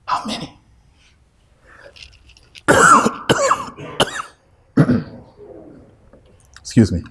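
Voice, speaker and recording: A man's voice: extremely high pitch, huge pitch swings, very slow, creaky, echoey room, background noise. Slangy American man preaching a sermon. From United States. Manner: emphatic, repetitive, street slang.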